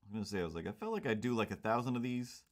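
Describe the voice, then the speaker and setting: A man's voice: on the low side, rapid-fire. A man casually thinking aloud as he draws cartoons, rambling with lots of fillers. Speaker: cartoonist drawing on stream. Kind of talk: casual running commentary while drawing.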